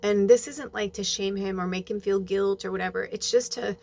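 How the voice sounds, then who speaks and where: A woman's voice: medium pitch, steady tone, brisk, gravelly, a little mellow. A woman talking in a personal monologue, emotional and holding back tears, swearing as she goes. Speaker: spiritual medium.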